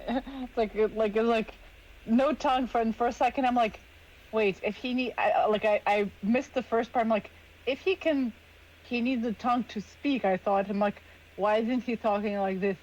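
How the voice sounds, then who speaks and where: A man's voice: very high voice, fairly even intonation, normal speed, darkish tone, lo-fi sound. A man playing a tabletop game, chatting casually in a rambling, giggly way. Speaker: player.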